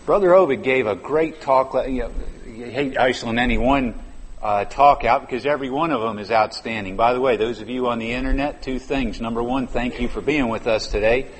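A man's voice: medium pitch, brisk, slight background noise. Man preaching in a reverberant hall. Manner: conversational preaching with sudden emphatic stresses. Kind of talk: sermon. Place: large church conference hall. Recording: reverberant hall with faint ambience.

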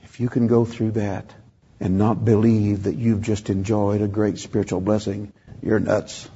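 A man's voice: lowish voice, flat delivery, measured pace, dark tone, husky, highs cut off. An older man preaching a sermon, telling a story and acting out the dialogue. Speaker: pastor.

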